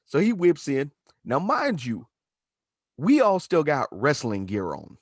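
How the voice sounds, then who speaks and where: A man tells a story in a lively, swooping voice that rides up and down as he acts out each quote. His pitch sits a touch high for a man, and the sound is dry and close with no room around it. The delivery is loose and profane, with the rhythm of a stand-up comedian. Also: a little slow, husky, dry recording. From Chattanooga, Tennessee.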